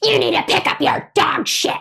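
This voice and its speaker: A woman voicing a furious stranger who shrieks accusations at someone, yelling in a high, strained voice while retelling a story on a podcast. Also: normal speed, creaky, exaggerated voice. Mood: indignant.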